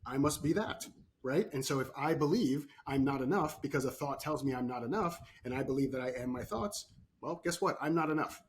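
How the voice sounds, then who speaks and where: A man who works as a performance coach, a podcast guest who tells animated stories and keeps checking in with "right?". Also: medium pitch, a little fast, slight background noise. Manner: animated storytelling, frequent "right?" tags. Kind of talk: podcast interview.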